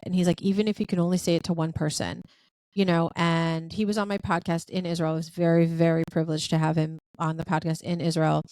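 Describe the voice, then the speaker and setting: A woman hosts a podcast and tells a story in casual chat. She is animated and expressive and acts out each line of dialogue. Her voice is recorded dry, with no room sound. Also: fairly low pitch, normal speed, clean tone, no echo. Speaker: podcast host.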